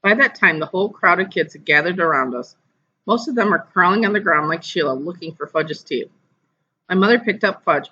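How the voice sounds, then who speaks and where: A teacher reading a children's novel aloud to a class over a video call, lively and putting on voices. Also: medium pitch, brisk, husky, highs cut off. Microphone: computer mic on a video call.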